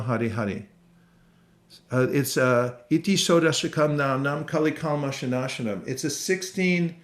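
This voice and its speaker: A man giving an online devotional lecture and answering live questions, speaking in an unhurried, conversational way with frequent fillers. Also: mid-range voice. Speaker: temple speaker. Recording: roomy echoey sound.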